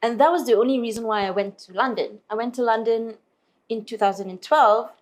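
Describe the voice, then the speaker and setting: A Malaysian woman who sings is a guest in an interview, telling stories in a fairly high voice at a slightly fast pace. She's lively and acts out other people's lines in put-on voices.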